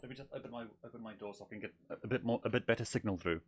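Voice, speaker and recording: A man's voice: medium pitch, racing, a little hiss or hum, lightly acted. A man voicing a flamboyant male owl demon prince while streaming a game in character, theatrical and giggly, calling people darling. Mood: playful. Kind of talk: in-character gameplay livestream.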